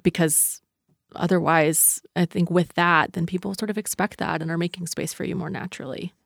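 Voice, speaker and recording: Low, gravelly woman therapist, measured and thinking aloud. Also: fairly even intonation, dry recording, studio quality. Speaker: therapist, podcast guest. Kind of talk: casual conversation.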